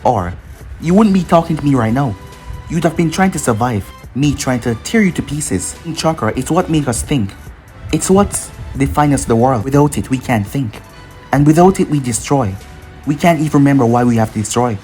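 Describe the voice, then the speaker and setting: A synthetic male narrator voicing an ancient fox spirit that talks in a slow, measured, questioning way. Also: medium pitch, lively intonation, a little mellow, close to an everyday voice. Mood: cold, lecturing. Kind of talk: scripted narration. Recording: faint music underneath.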